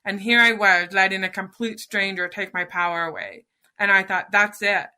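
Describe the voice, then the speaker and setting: Middle-aged woman guest, really bright clear voice, tells her story earnestly, acts out what she said to herself. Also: medium pitch, normal speed. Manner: earnest, animated storytelling with quoted inner dialogue. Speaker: podcast guest. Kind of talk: personal storytelling interview.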